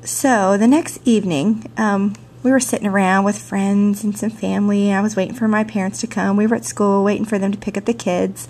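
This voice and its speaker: A woman who teaches sign language and theater, telling a personal story in a lively, chatty way full of "you know", recorded on a camcorder mic. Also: medium pitch, brisk, hardly any pauses. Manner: animated, chatty, laughs often, many "you know" fillers. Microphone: handheld camcorder mic.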